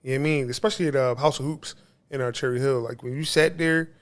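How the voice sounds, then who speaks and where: A man, co-hosting a podcast in casual chat, excitable and profane, acting out quotes with a louder voice. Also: mid-range voice, fast. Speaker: podcast co-host.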